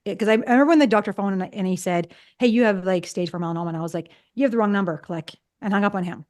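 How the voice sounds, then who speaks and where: Fast-talking woman in her fifties. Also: mid-range voice, a little mellow. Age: 50s. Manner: chatty, acts out past conversations. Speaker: psychologist guest. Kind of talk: casual storytelling interview.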